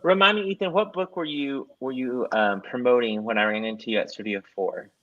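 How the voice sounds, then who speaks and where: An upbeat man hosts a casual livestream chat, rambling cheerfully and plugging events between chuckles. His voice sits at an ordinary middle pitch. The sound is dry and a little dull, like a lo-fi stream. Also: a little fast, no echo. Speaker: host.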